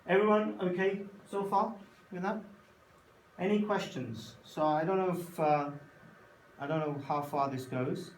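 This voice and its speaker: A man's voice: high voice, unhurried. Man lecturing a class in an echoey room. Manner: storytelling, acts out voices, checks understanding often. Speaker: teacher. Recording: echoey room from a distance, faint noise.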